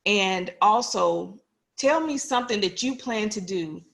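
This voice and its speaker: A woman's voice: mid-range voice, lively intonation, unhurried, creaky, a bit bright. A woman in her forties, a police officer, giving an earnest, personal talk to an online audience and putting questions to them directly.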